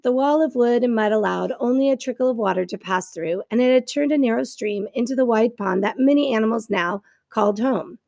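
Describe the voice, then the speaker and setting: A woman reads a children's chapter book aloud in a steady, unhurried way, now and then catching a slip. Her voice is fairly high but mellow, with a gravelly texture. The recording is close and dry. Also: no echo. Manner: steady narration with small slips and self-corrections.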